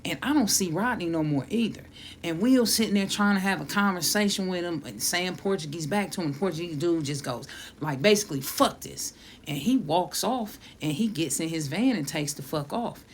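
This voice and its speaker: A woman's voice: lowish voice, expressive, fairly quick, slight background noise. A middle-aged woman comedian telling a profane story, laughing often and acting out the quotes. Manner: laughs through the story, swears a lot, acts out quotes.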